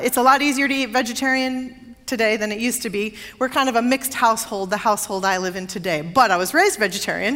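A woman's voice: on the high side, a bit bright. A woman pastor delivering a sermon in a conversational, storytelling way, slipping into quoted voices and speaking directly to the congregation. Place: church sanctuary. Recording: long reverb of a large sanctuary.

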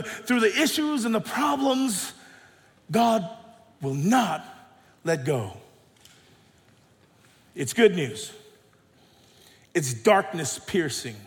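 High-voiced preacher in a reverberant hall. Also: male voice. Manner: emphatic, dynamic preaching with sudden drops and rises. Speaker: pastor. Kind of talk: sermon.

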